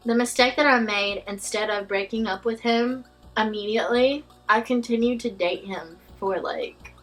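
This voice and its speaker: Woman, storytime vlogger, animated, dramatic, somewhat high pitch. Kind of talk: storytime vlog.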